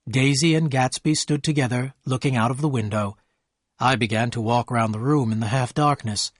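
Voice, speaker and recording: In studio-quality audio with no room sound, a medium-pitched male voice reads a scripted story aloud. His narration stays steady and measured throughout.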